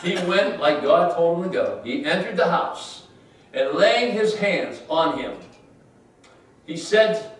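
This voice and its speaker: A male pastor preaching a sermon with dramatic storytelling, swinging between loud and soft. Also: on the high side, lively intonation, a little slow, slight background noise. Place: large church hall. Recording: very echoey hall from far off.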